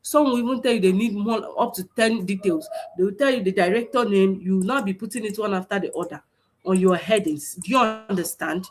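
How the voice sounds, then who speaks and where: A woman's voice: medium pitch, a little fast, a little hiss or hum. A woman teaching an online class over a screen share, explaining step by step with many fillers and restarts. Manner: repetitive, stop-start explaining with many fillers. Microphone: computer mic on a video stream.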